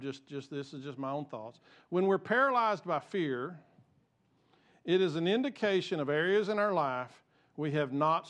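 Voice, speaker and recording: A man with a somewhat high, slightly bright voice preaches a sermon as a pastor. He comes across as earnest and conversational, frequently starting his sentences over.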